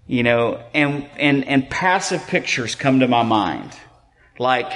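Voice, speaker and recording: A man's voice: mid-range voice, moderate pace, a bit bright. Conversational man preaching in a reverberant hall. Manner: conversational, self-deprecating, many fillers. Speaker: pastor. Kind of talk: sermon.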